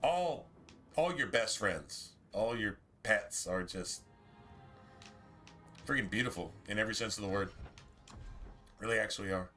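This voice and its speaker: A man's voice: on the low side, animated, measured pace, long pauses, pushed and bright, faint music behind. A man streaming a video game, chatting casually in a rambling way, full of restarts and asides. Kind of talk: casual chat while streaming gameplay.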